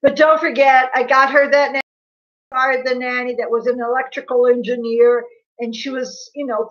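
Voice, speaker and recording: A woman chats casually on her livestream in a fairly high voice. She gossips, laughs, and answers viewers by name. The audio is dull and lo-fi, as from a built-in mic. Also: fairly bright tone. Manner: gossipy, laughing, reads viewer comments aloud. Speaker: livestream host.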